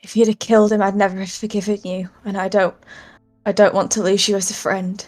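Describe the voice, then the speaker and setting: Heroine role: woman doing a soft, pleading young mother-to-be, emotional. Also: medium pitch, little pitch movement, fairly quick, faint music behind, natural voice. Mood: sorrowful. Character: tender, anxious young woman, newly pregnant.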